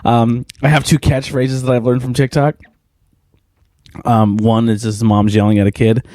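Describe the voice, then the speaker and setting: A man's voice: mid-range voice, little pitch movement, moderate pace, darkish tone, no echo, clean studio sound. A man in his thirties hosting a podcast, rambling casually with lots of fillers and swearing. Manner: rambling, profane, laid-back, lots of fillers. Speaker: podcast host. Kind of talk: casual solo podcast chat.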